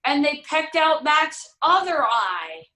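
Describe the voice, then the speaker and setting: A woman's voice: high-pitched, sing-song, slow, pushed and bright, heavily acted. A woman playing a dry, teasing narrator who tells the tale her own way in a filmed stage play. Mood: storytelling. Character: wry, unbothered female storyteller who bends the tale. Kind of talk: theatre acting in a filmed virtual production. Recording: roomy sound, far from the mic.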